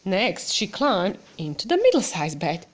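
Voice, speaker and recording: A woman reading a picture book aloud to a child, expressive, gasping and asking the listener questions. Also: medium pitch, measured pace, a little hiss or hum.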